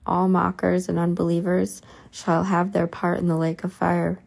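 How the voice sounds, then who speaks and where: A stern, sorrowful Jesus delivers measured pronouncements, voiced plainly by a woman reader. The voice stays low and flat, with a gravelly, mellow tone. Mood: solemn.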